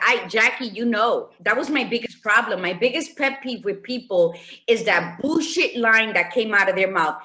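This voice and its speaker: A woman's voice: fairly high pitch, expressive, fairly quick, pushed and bright. A woman co-hosting a podcast in casual chat, blunt and emphatic, swearing freely. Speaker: podcast co-host.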